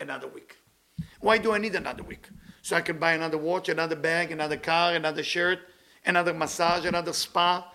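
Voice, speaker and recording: A man giving a motivational spiritual talk in English with dropped words, playful and animated, stacking words in long repeated lists. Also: high voice. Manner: speaks non-native English with dropped words.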